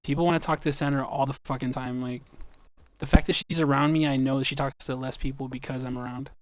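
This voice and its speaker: A man's voice: medium pitch, fairly even intonation, fast talker. Profane joking man chatting on stream. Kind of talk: casual chat while gaming.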